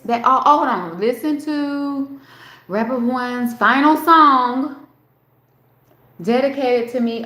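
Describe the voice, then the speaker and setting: A woman's voice: fairly high pitch, a bit bright. A woman hosting a casual live stream, rambling and talking straight to her chat, swearing freely. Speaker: livestream host. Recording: roomy echo.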